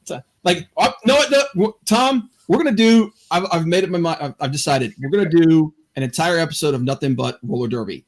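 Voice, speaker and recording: A man's voice: a little high, a little fast, few pauses. A man hosting a podcast in casual chat, rambling and stammering through lots of fillers. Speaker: podcast host.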